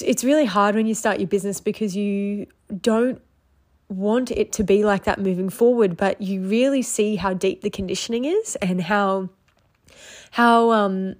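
A young adult woman hosting her own solo podcast, speaking candidly and emotionally, with many laughs and fillers. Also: mid-range voice. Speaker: podcast host and business owner. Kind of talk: personal solo podcast monologue.

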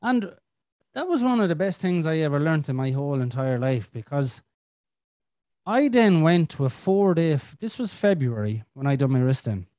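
An Irish man hosting a podcast, telling a personal story in a flamboyant, expressive way. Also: a little high, moderate pace, no room sound, studio quality. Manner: flamboyant, expressive storyteller who swears freely. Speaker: podcast host. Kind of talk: casual storytelling chat.

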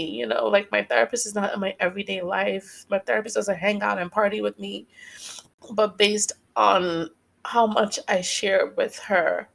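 A woman hosting a podcast, talking earnestly and reflectively on her own, stressing key phrases by repeating them, and at times slowly guiding listeners through breathing. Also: medium pitch, vocal fry, breathy edge. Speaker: podcast host. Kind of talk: reflective solo podcast monologue.

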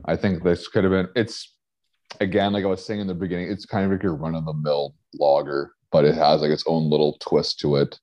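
Deep-voiced Canadian man, rambling. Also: level tone, a little fast, darkish tone, lo-fi sound. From Eastern Canada. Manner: loose, rambling, joking. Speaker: beer reviewer, co-host. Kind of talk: casual chat.

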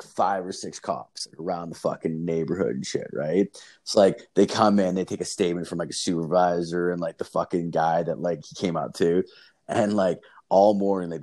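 A man's voice: deep voice, darkish tone. A man telling a story in casual chat, rambling and swearing, with lots of filler words.

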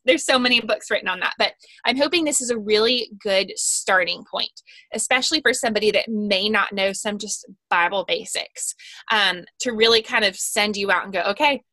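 Bright, earnest woman podcast guest. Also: mid-range voice, dry recording. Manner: earnest and talkative, with frequent fillers. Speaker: guest author of a Bible study guide. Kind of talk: casual podcast conversation.

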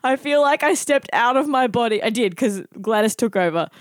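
A woman's voice: a little high, expressive, normal speed, dry recording. Woman, podcast host, rambling, giggly, dry close sound. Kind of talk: casual comedic chat.

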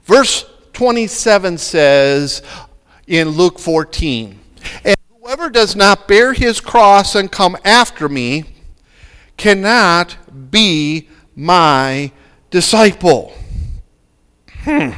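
A man's voice: high-pitched, expressive, drawn-out words, fairly bright tone, clean tone, long reverb tail. A man preaching a sermon, dramatic and full of rhetorical questions. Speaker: pastor.

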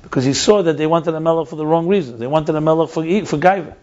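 A man's voice: fairly high pitch, fast talker, darkish tone. A man explaining ideas in a conversational teaching style, emphatic and repeating his key points. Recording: dull lo-fi recording.

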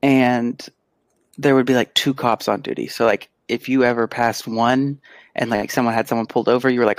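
A man co-hosting a podcast, telling an animated, casual story and acting out the quotes. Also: mid-range voice, brisk, no room sound. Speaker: podcast co-host; pediatric physical therapist. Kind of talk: casual chat.

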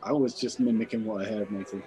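A man playing a tabletop role-playing game, deadpan with stammered punchlines. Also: lowish voice, fast talker, a crowd in the background.

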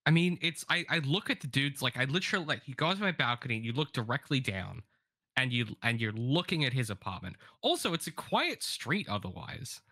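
A man on a casual podcast tells a story with a bright, lively voice that swoops up and down as he acts out the people in it. He swears freely and talks into a close, dry mic. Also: medium pitch, a little fast, dry recording. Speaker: podcast co-host. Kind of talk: casual advice-podcast chat.

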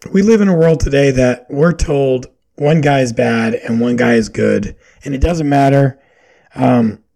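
Male podcast host, raspy with vocal fry; opinionated, questioning, loose and unscripted. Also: medium pitch, a little mellow. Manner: questioning, opinionated rambling with fillers. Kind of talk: solo podcast monologue.

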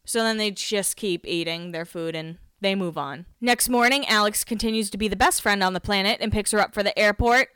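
A woman's voice: mid-range voice, brisk, hardly any pauses, fairly bright tone, clean tone, no room sound. A woman hosting a podcast, recapping an episode in a chatty, giggly, self-mocking way. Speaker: podcast host.

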